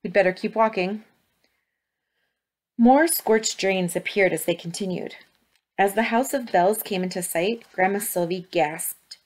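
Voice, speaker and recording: A woman reading a storybook aloud with steady, expressive narration. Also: mid-range voice, a little slow.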